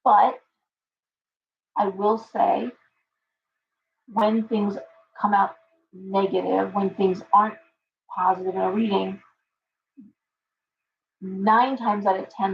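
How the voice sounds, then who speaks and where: A woman's voice: medium pitch, vocal fry, highs cut off, a little hiss or hum. Woman telling shop stories on a live stream. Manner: rambling storytelling, acts out clients' lines. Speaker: tarot reader and shop owner hosting a live stream. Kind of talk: casual live-stream chat.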